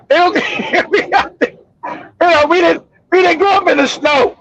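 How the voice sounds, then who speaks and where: Loud laughing high-voiced man. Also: measured pace, lo-fi sound. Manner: loud, laughing, swearing storyteller. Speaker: livestream host. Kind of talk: casual profane commentary.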